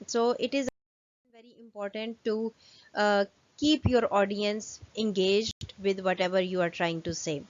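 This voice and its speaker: A woman lecturer, giving a fast recorded lesson full of "um" and "uh" fillers. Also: mid-range voice, dull audio.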